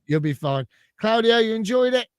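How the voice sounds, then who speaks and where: A man's voice: high voice, animated, normal speed, clean tone, no echo, studio quality. A man hosting a live stream chat, upbeat and plugging events. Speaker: host of a fan channel live show.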